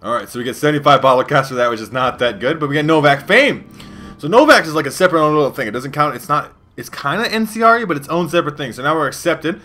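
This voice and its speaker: Young man, let's play commentary, rambling and profane, rapid, bright tone. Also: a little high, animated, faint music behind. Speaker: gaming youtuber.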